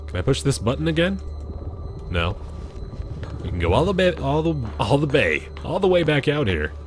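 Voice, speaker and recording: A man's voice: fairly high pitch, sing-song, moderate pace. A man casually commenting as he plays a video game, thinking aloud in a chatty way. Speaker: gaming channel host. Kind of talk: let's play commentary.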